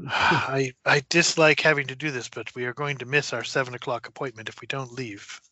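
A man at a tabletop game with a bright, forceful voice, speaking politely and in measured phrases. The sound is dry and a little muffled. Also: medium pitch, fairly even intonation, dry recording. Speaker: player.

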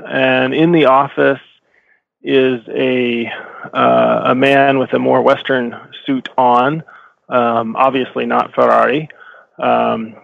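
A man narrates as game master in a tabletop game, slow and halting, stopping often to search for words. His voice is gravelly. The dry recording sounds slightly dull. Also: medium pitch, little pitch movement, no room sound. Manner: halting, many fillers and self-corrections.

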